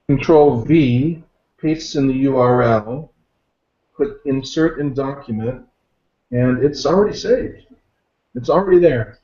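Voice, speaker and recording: A man walks through a software demo in a lively, jokey way and pokes fun at himself as he goes. The sound is roomy and a bit dull, like an online call. His pitch sits in the middle range. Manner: lively, self-deprecating, jokey explainer. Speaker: guest software expert. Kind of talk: screen-share software demo.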